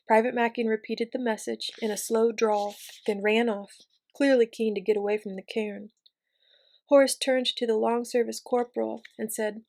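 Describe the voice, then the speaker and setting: A woman reading a novel aloud in a measured, steady way. Her voice sits a little high and moves within a narrow, level range. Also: vocal fry. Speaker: reader. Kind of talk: audiobook reading.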